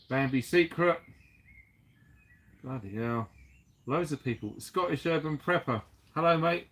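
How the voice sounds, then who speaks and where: A man's voice: mid-range voice, fairly bright tone. Jokey British man hosting a livestream. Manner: jokey, chatty, laughs often, casual British slang. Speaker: livestream host. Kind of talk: casual livestream chat.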